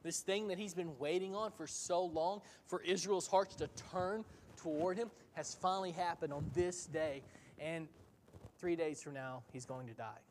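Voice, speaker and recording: A man preaching a sermon, retelling a story in a conversational, lively way with occasional laughs. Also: a little high, normal speed, in a large hall, slight background noise.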